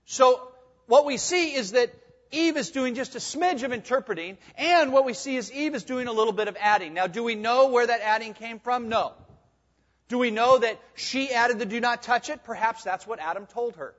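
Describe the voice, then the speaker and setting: Man preaching with hushed-to-emphatic swings. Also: extremely high pitch, normal speed. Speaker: pastor. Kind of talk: sermon. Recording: dull sound with long hall reverb.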